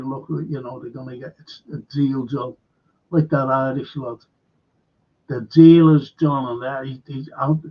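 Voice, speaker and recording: Hosting a live football chat, an older Liverpudlian man rambles bluntly and swears. His husky voice sits slightly high, and the stream's sound is dull and lo-fi.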